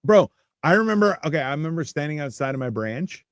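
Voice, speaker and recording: A man hosting a live stream, telling animated anecdotes and acting out the lines of the people in them. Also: fairly high pitch, fast, no echo, clean studio sound. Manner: animated anecdotes with acted-out quotes. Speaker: podcast host. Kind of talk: casual chat. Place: Toronto area.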